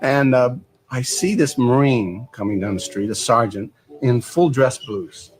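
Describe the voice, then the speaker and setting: A man's voice: mid-range voice, measured pace. A veteran man in casual storytelling, easygoing and amused as he tells an anecdote. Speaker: veteran guest.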